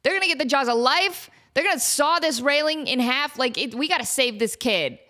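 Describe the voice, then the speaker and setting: A woman in her thirties hosting a podcast, telling a comic family story in an animated way and acting out the people in it. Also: sits high, a little fast. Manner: animated, often laughing, acts out the people in her stories. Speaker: podcast host.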